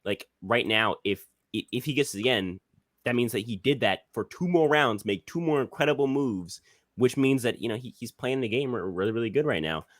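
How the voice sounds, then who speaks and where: A man's voice: medium pitch, expressive, fairly quick, no room sound, studio quality. A young man hosting a casual podcast, rambling with frequent restarts and repeated words. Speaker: podcast host.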